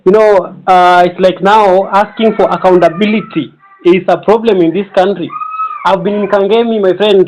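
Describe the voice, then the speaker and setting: A man's voice: high voice, steady tone, normal speed, darkish tone, a little hiss or hum, poor audio. A man with a Kenyan English accent calling into a live audio room, angry and switching between Swahili and English. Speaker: caller on a live audio space.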